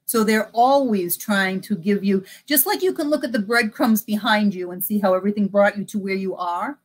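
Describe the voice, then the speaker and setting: Middle-aged woman, psychic medium, casual interview, animated storytelling, plays both sides of dialogues, average pitch. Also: normal speed. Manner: animated, acts out both sides of remembered conversations.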